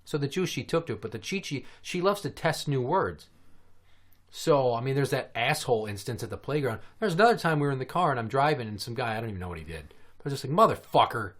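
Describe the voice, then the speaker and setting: A man's voice: mid-range voice, very animated, fast talker. A young adult man hosting a podcast, telling casual stories about his young daughters and acting out their lines. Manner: storytelling, mimics his kids' voices. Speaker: podcast host. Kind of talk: casual chat.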